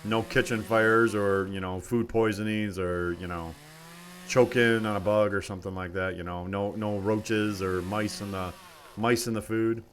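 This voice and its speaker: Chatty low-voiced man streaming a game. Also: steady tone, moderate pace, a little hiss or hum. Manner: rambling, chatty, talks to viewers while playing. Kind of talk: casual live-stream commentary.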